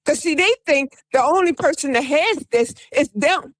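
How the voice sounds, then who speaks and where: Woman talk-radio host, fairly high and very lively voice, rambling storyteller who exhorts listeners, dry close sound. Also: moderate pace, no room sound. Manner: exhorting listeners, repeating "come on, people"; rambling with restarts, acting out quoted voices. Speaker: radio show host and self-styled prophetess. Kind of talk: animated first-person storytelling on radio.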